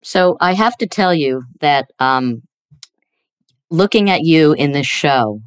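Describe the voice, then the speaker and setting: A woman's voice: low-pitched, expressive, slow, smooth, no room sound. A woman from Long Island hosting a podcast, teasing her guest playfully. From Long Island, New York. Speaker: podcast host. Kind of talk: casual interview chat.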